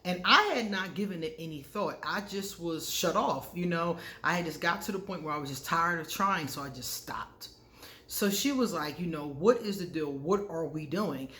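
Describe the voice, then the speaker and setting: A woman's voice: lowish voice, moderate pace, bright, forceful tone. A woman hosting an astrology channel, telling personal stories in a candid, casual way and often laughing at herself. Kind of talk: casual storytelling to camera. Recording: echoey room.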